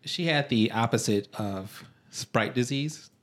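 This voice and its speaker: A man's voice: medium pitch, slow, fairly bright tone. A man co-hosting a podcast in casual chat, making dry, wisecracking jokes. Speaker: podcast co-host.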